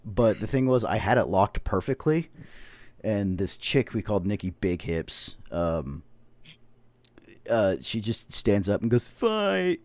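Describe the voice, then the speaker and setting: Man, 30s, podcast host, deep voice, dry sound, casual rambling storyteller with heavy swearing. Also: a little slow, a little mellow, no echo. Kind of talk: casual chat.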